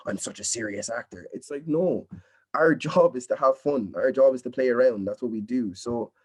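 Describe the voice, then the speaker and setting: A man's voice: medium pitch, a little mellow. A young man from Nigeria, a drama student, talking casually and earnestly in an interview over a video call, encouraging and often adding "you know what I mean". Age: young adult.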